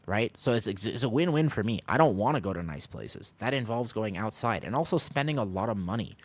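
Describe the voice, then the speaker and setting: A fairly low-pitched man talks casually to his viewers as he plays, drifting between game calls and self-deprecating jokes. His talk is loose and rambling, full of asides to chat. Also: animated, brisk, dry recording. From United States. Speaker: streamer. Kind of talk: casual gaming stream chat.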